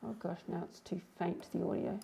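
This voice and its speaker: A woman's voice: on the low side, fairly even intonation, a little fast, vocal fry, heavy background noise. A young woman hosting a live stream, chatting casually and reading out viewer comments with lots of fillers. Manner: rambling, filler-heavy, reads comments aloud. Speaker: livestream host.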